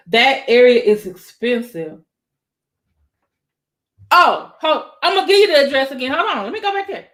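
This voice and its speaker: A woman commentating on a live stream, talking casually and directly to her viewers. Her voice sits high and swings widely, climbing even higher when she gets worked up. She exclaims often and keeps the tone excitable. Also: unhurried. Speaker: YouTube commentator.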